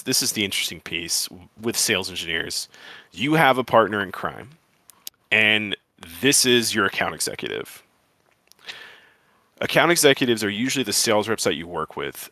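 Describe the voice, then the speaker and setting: A man's voice: fairly low pitch, bright, forceful tone, no room sound. A man talking casually about his work as a sales engineer, rambling with lots of fillers and restarts. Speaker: cyber security sales engineer. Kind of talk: casual talk to camera.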